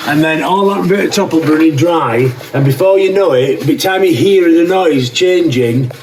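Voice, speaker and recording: A man's voice: fairly high pitch, moderate pace, a little mellow, rough recording. A man explaining boat engine work in casual, plain-spoken talk, a little hesitant. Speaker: dad of the sailing family. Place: outdoors in a boatyard. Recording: crowd and boatyard noise.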